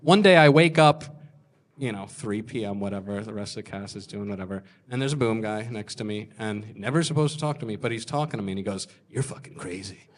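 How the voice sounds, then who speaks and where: A young man tells stand-up stories about himself from a comedy club stage. He mocks himself and jumps into other people's lines with quick put-on voices. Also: on the low side. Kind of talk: stand-up storytelling.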